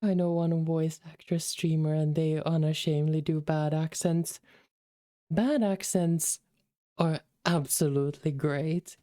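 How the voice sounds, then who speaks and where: Low, mellow-voiced woman streamer. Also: little pitch movement, normal speed, hardly any pauses, no room sound, studio quality. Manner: chatty and affectionate, calls the chat darlings. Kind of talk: casual livestream chat while reading a game.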